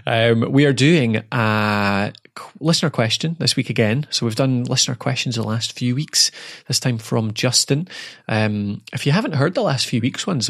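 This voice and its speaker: A man's voice: medium pitch, gravelly, dry recording, clean studio sound. A Scottish man hosting a casual podcast chat, joking and rambling with plenty of fillers and restarts. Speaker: podcast host.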